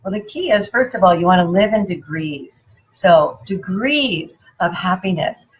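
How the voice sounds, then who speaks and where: A woman giving a playful, animated motivational talk and putting questions to her audience. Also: on the low side, measured pace, lo-fi sound. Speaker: motivational speaker.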